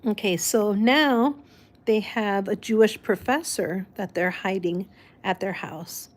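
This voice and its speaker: A woman whose first language is Spanish, talking in a casual, meandering chat. She speaks slowly, circles back on her own words, and breaks into laughter now and then. Her pitch sits in an ordinary middle range. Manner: rambling, restarts often, laughs. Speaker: vlog host.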